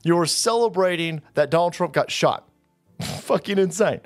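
Profane, sarcastic man ranting with a lively voice. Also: sits high, moderate pace, faint music behind. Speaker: online political commentator. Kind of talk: ranting commentary reading out posts.

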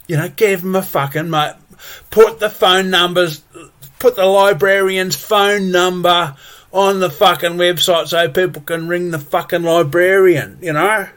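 A man's voice: high voice, fairly even intonation, unhurried, a bit bright. A man ranting angrily and profanely, full of exasperated repetitions. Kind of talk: angry solo rant.

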